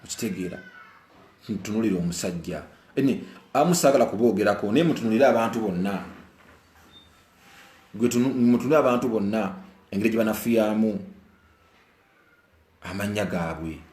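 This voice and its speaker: A young Ugandan man, a musician, giving an emotional monologue to the camera in a Ugandan accent, repeating his phrases over and over and swinging between low murmurs and heated outbursts. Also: fairly quick, pauses often, a little mellow. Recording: roomy echo.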